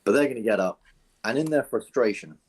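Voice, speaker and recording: A man narrating as dungeon master, relaxed and descriptive, thinking aloud with fillers. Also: lowish voice, a little fast, breathy edge. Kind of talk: narrating a tabletop game.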